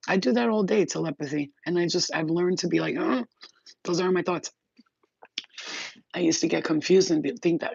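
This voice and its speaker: A woman's voice: deep voice, gravelly, breathy edge, no echo, dull audio. A woman hosting a casual spiritual talk, rambling and swearing freely as she explains her ideas. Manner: rambling, profane, streetwise. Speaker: spiritual healer host.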